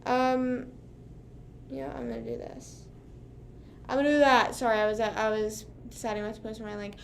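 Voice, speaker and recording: A woman's voice: fairly high pitch, level tone, normal speed, gravelly, slight background noise. A young woman under twenty-one chatting casually on a live stream, rambling with lots of fillers. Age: young adult.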